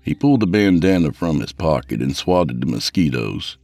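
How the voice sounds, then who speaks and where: A man reading a scripted horror tale in a measured, even storytelling voice. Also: extremely low pitch, creaky, no echo.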